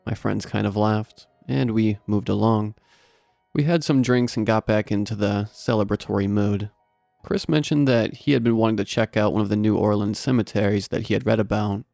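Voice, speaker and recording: A man calmly narrating a scary story in a steady, low-key storytelling manner, close to the mic. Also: moderate pace, vocal fry, no room sound, soft background music. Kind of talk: scripted horror story narration.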